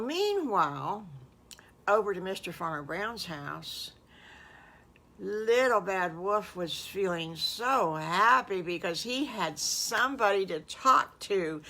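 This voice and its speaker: A woman's voice: medium pitch, sharp tone. An older woman telling an improvised children's story, folksy and meandering, with repetitions and exclamations. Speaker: storyteller grandmother.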